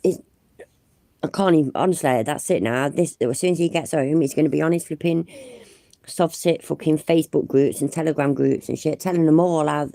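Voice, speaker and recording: A man's voice: a little high, a little fast, vocal fry, warm tone, no room sound. A man doing sarcastic, exasperated reaction commentary over police footage.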